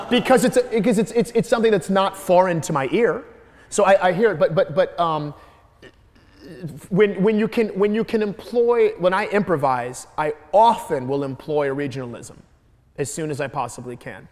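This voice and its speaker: Rambling, stammering comedian in a reverberant hall. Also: male voice, high voice, normal speed. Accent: American Midwest. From Detroit, Michigan. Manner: rambling, many restarts and stammered repeats. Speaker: guest comedian answering audience questions. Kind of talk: Q&A answers.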